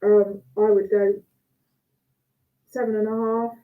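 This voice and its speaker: A woman talks her way through a cheese tasting, chatty and thinking aloud as she cuts and samples. Her voice sits at an ordinary middle pitch. It comes through a thin, phone-like video call line. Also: level tone, a little slow. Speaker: cheese judge. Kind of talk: casual judging chat over a video call. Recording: tinny phone-like call audio.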